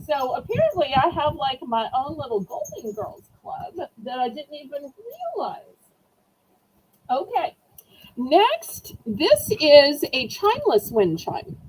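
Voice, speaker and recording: Chatty high-voiced Southern auction host. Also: female voice, huge pitch swings, slow, a little hiss or hum, low-quality recording. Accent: Southern American. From Southern United States. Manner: chatty, bubbly, talks to her viewers. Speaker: online auction seller. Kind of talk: live-stream auction chat.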